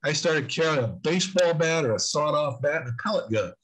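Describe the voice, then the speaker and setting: Older male interview guest, husky and slightly high, earnest storyteller who drags out his emphasis. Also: expressive, a bit bright, poor audio. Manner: earnest, emphatic, drawn-out stresses on key points. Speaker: guest on spiritual warfare.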